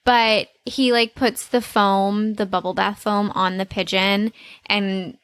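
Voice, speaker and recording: A woman co-hosting a podcast who talks in a chatty, upbeat way and is keen to share fun facts. Her voice sits at a middling pitch. The recording is dry and close. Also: little pitch movement, takes it slowly, a bit bright, clean tone, dry recording. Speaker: podcast co-host. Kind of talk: casual chat.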